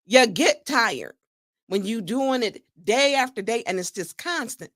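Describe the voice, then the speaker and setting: A woman hosting a talk show, giving animated, indignant commentary on a clip and laughing often. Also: on the high side, unhurried, no echo, clean studio sound. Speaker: show host.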